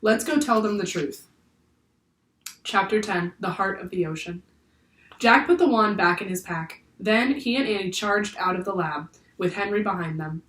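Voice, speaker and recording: A woman teacher reading a children's book aloud in clear, steady storytelling. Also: medium pitch, normal speed. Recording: echoey room, far from the mic.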